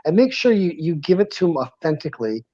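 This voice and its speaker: A man's voice: a little high, big pitch swings, fast talker, dark tone, breathy edge, no echo. A man in his forties, a podcast co-host, talking earnestly and reflectively in a casual panel chat and speaking openly about his feelings. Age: 40s. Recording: dull lo-fi sound.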